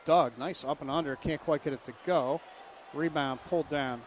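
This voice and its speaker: Guy calling a hoops game play by play, kinda high voice, faint background noise. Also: moderate pace. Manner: chatty, jokey, calls the plays. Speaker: play-by-play announcer. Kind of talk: local sports commentary.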